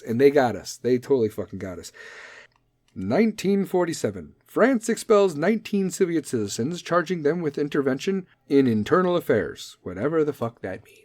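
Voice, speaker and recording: A man's voice: fairly high pitch, very animated, moderate pace, darkish tone, no room sound, studio quality. A man hosting a podcast, reading history dates and riffing on them with profane, sarcastic comedy. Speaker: podcast host. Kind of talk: casual comedic commentary.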